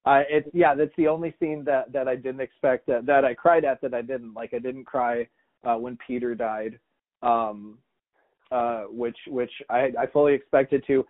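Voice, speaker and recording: A man hosting a casual podcast, telling rambling stories full of restarts and acted-out quotes. His voice sits in a middle pitch, and the audio is thin and tinny, like a phone line. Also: fairly even intonation, moderate pace. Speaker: podcast host. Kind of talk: casual chat.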